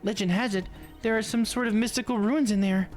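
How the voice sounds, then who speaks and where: A woman voicing a polite, soft-spoken young woman who is an artist. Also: medium pitch, steady tone, a little fast, faint music behind, lightly acted.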